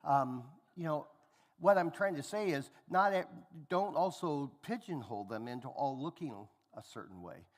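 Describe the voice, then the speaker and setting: A man's voice: fairly high pitch, moderate pace. Preacher guy telling family stories, acts out everybody's lines, big reverb church hall. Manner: animated storyteller acting out family dialogue. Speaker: pastor.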